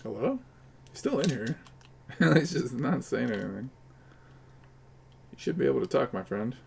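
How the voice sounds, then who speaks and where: A man's voice: medium pitch, lively intonation, moderate pace, creaky. A man live-streaming while gaming, chattering in a rambling, crude, joking way to his viewers.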